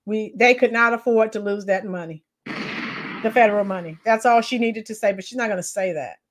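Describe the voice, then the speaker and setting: A woman's voice: mid-range voice, moderate pace, noisy background. A woman hosting a live-stream commentary, mocking the clips she plays and chatting with her viewers in a sarcastic, casual way.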